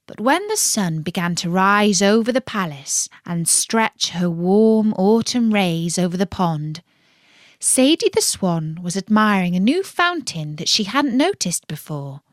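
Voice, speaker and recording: A woman slowly reads a bedtime story for children, her pitch rising and falling expressively. Her reading is warm and playful, and the sound is close and dry, without any echo.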